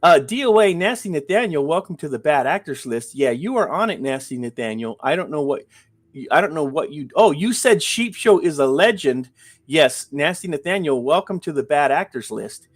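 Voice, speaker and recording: Hosting a live stream, this man rants emphatically, repeats phrases and trades jokes with chat. His voice is a little high and expressive, at a moderate pace. He's captured on a webcam framed at his beard.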